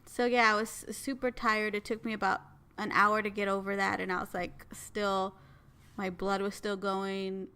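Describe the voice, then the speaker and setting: A woman's voice: mid-range voice, little pitch movement, moderate pace, pushed and bright, clean tone. A young adult woman co-hosting a podcast, animatedly telling a story and laughing at herself. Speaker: podcast co-host. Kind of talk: casual storytelling chat.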